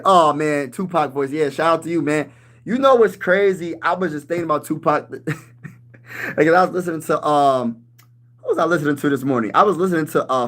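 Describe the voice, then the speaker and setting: A man in his thirties hosting a casual sports livestream, talking loose and slangy, calling everyone "bro" and breaking into shouts when he gets riled up. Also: fairly high pitch. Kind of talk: casual livestream chat reading comments.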